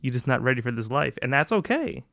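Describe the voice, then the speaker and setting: A man's voice: medium pitch, fast talker, creaky, background noise. A young man hosting a podcast, ranting in a casual comedic monologue with lots of swearing and mocking put-on voices. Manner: profane, animated rants with mocking put-on voices. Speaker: podcast host.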